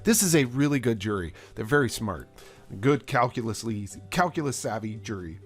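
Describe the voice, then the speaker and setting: A math teacher with a medium-pitched, animated voice and a breathy edge teaches calculus at a moderate pace, with soft music in the background. He's playful and chatty, speaking straight to the viewer and explaining the lesson through a courtroom story.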